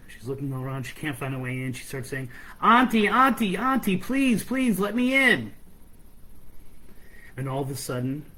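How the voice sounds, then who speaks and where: A man spinning a folk tale for his podcast in a relaxed, chatty retelling. His voice is husky and slightly breathy, with a mid-range pitch. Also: poor audio. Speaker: podcast host, storyteller. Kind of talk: casual storytelling.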